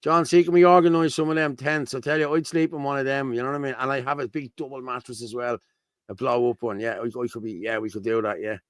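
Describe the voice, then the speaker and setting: Dublin man, livestream host, blunt and chatty, smooth clear voice, dry close sound. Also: medium pitch, little pitch movement, fast talker, dry recording. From Ireland. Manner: blunt, chatty, reads out viewer comments. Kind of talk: casual livestream chat.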